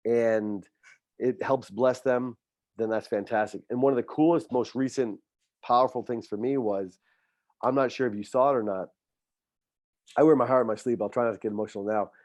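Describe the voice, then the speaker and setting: A middle-aged man, a high school football coach, speaking in a heartfelt, faith-filled way on a podcast, often repeating words when he is moved. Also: a little mellow, no room sound. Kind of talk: emotional podcast interview.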